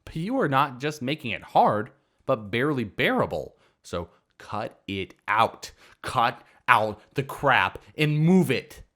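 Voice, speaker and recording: Narrator as a firm, fed-up homeowner woman in a story reading, slow and deliberate. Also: mid-range voice, sing-song, bright, forceful tone, pitched above the performer's own voice, heavily acted. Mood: exasperated. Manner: firm, exasperated.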